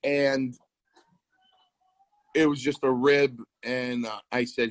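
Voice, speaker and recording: On a podcast he co-hosts, an ex-wrestler tells meandering stories, restarting often and quoting other people's dialogue. He speaks slowly at medium pitch with a flat delivery and frequent pauses, in a dry, rough recording.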